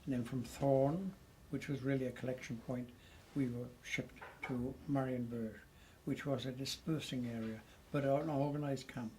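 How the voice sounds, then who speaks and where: A man in his eighties recounting old memories to family at home, lively and chuckling as he tells it. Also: mid-range voice, moderate pace, a little hiss or hum, poor audio. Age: 80s. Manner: lively storyteller who chuckles often. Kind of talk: casual storytelling.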